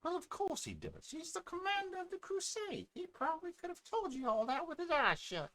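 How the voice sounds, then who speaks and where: A man's voice: very high voice, wildly swooping pitch, a little fast, pushed and bright, voice pushed up, heavily acted, low-quality recording. A man voicing a proud, chatty young village woman who is the brother's sister.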